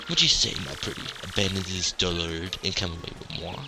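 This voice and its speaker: A man's voice: sits low, fairly quick, creaky, background noise. Man putting on a pompous French flirt. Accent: fake French. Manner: theatrical, pompous.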